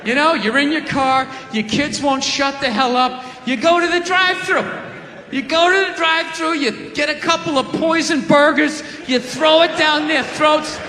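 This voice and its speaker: A man's voice: extremely high pitch, fairly even intonation, normal speed, pushed and bright, slight background noise. A man doing a sardonic, ranting stand-up routine. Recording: echoey live hall with crowd.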